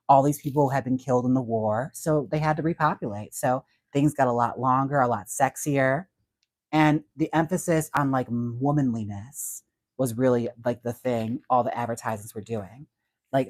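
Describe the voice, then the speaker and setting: A man's voice: mid-range voice, a little mellow, dry recording. A man hosting a casual livestream, chatty and giggly as he talks about wigs and reads out viewer comments. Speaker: livestream host and wig stylist.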